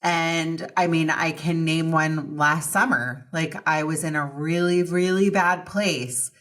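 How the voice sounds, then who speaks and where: Slow-speaking woman host, distant from the mic. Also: low voice, fairly even intonation, fairly bright tone. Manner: empathetic and reflective. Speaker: podcast host. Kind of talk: conversational interview.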